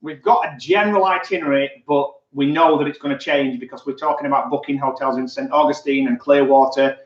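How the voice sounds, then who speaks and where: A man co-hosting a casual livestream, quick and jokey, often cutting in. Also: medium pitch, fairly even intonation. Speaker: vlogger co-host. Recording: roomy, distant, dull sound.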